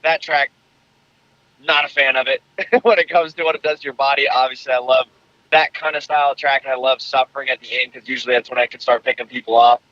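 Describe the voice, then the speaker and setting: A man's voice: mid-range voice, fast talker, no room sound, lo-fi sound. A man, a guest racer, chatting casually over a call with a slight cough and a rambling, easygoing way of telling stories. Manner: relaxed, rambling storytelling with lots of fillers. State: coughing a bit. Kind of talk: casual podcast chat. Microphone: remote call.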